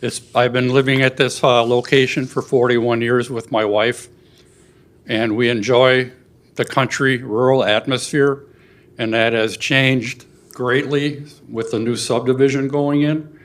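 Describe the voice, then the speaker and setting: An older man giving a public comment at a city meeting, earnest and halting, getting emotional at times. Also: mid-range voice, steady tone. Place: city council chamber.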